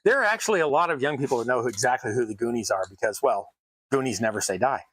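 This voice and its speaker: A man's voice: medium pitch, very animated, rapid-fire, a bit bright, dry recording, poor audio. Brief: male crafting host, mid-range voice, dry close sound, casual asides while cutting and measuring. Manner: chatty, self-mocking asides while working. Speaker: host of a tabletop terrain crafting channel. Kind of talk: casual crafting tutorial talk.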